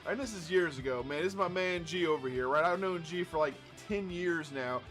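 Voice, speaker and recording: A podcast co-host with a fairly high voice tells a story a little fast, loose, profane, and animated, acting out what people said along the way. A clear music bed plays behind him during the casual storytelling chat.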